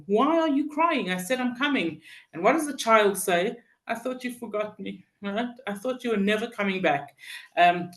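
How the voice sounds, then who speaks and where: A teacher giving a Torah lesson on Psalms, halting with many fillers and restarts, telling stories and acting out the people in them. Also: mid-range voice. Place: synagogue hall. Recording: roomy echo.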